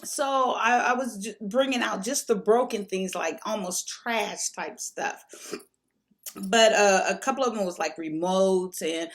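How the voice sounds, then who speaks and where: A woman's voice: medium pitch, unhurried. A woman vlogger telling a story at home in a chatty, rambling way. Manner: chatty, rambling, many fillers. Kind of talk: casual storytime.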